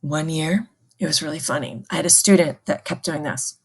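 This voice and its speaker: A woman's voice: low-pitched, normal speed, slightly rough. A woman music teacher giving a patient, call-and-response recorder lesson to children.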